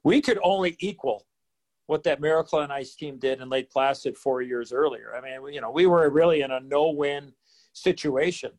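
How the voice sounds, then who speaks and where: A man's voice: mid-range voice, moderate pace. A man in his fifties, a former hockey player, telling a story in an interview and acting out the dialogue. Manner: animated storyteller who acts out dialogue.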